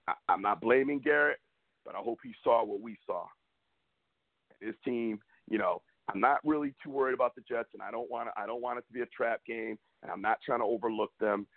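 A man co-hosting a sports talk podcast from the US, ranting with a rising, fired-up pitch. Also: creaky, dry recording. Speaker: podcast co-host. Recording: tinny phone-like call line.

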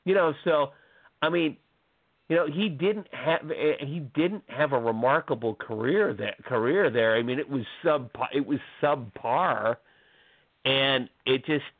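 A man's voice: medium pitch, measured pace, no echo. A man chatting casually about college basketball on a sports podcast, rambling with many fillers and restarts. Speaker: sports blogger. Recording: tinny phone-like audio.

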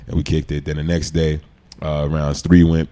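A deep-voiced man from New York, a former pro football player appearing as a podcast guest, tells stories at a normal speed. He is an animated storyteller who acts out the lines he quotes in this casual podcast chat.

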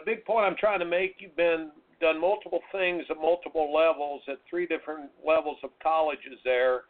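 A man hosting a radio talk show, telling stories in an emphatic, folksy, motivational way. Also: on the high side. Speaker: radio show host and tennis coach. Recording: narrow phone-like radio sound.

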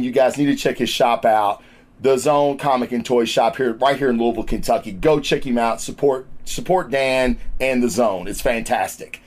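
A man hosting a podcast in casual chat, loud, profane and excitable. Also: medium pitch. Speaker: podcast host. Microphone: studio microphone.

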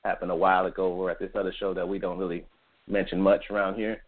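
A man's voice: low voice, little pitch movement, fast. A man hosting a casual boxing podcast, chatting upbeat with his co-host. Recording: tinny phone-like line.

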